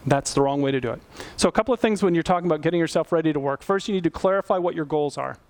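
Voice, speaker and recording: A man's voice: a little high, rapid-fire. A male pastor preaching a sermon in a conversational, emphatic way, often putting questions to the congregation.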